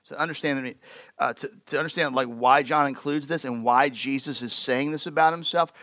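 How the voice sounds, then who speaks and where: A man preaching a sermon to his church in a conversational, animated way with lots of fillers. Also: mid-range voice, normal speed, dry recording. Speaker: pastor.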